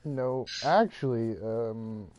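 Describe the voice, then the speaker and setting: A man's voice: medium pitch, slow, a little mellow, no room sound, highs cut off. A man co-hosting a podcast, chatting casually and jokingly while playing a game. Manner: jokey, loose, laughs often. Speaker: podcast co-host. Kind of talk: casual chat while gaming.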